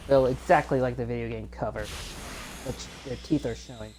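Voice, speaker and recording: A woman's voice: extremely low pitch, fairly even intonation, fairly quick, background noise. A woman hosting a let's play video, recapping game scenes in a rambling, self-correcting way and acting out quotes.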